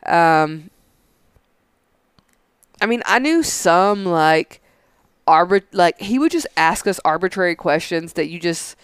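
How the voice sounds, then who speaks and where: A man's voice: high-pitched, animated, takes it slowly, long pauses, fairly bright tone, clear, resonant tone, no echo, clean studio sound. A man in his thirties, a podcast co-host chatting casually with lots of fillers and the odd swear word. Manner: loose and profane, lots of "like" fillers. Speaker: podcast co-host, Air Force veteran. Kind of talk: casual chat.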